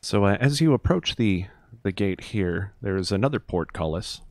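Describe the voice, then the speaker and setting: A man narrating a tabletop game as game master, pausing often with fillers. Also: fairly low pitch, lively intonation, no echo. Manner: hesitant, many fillers.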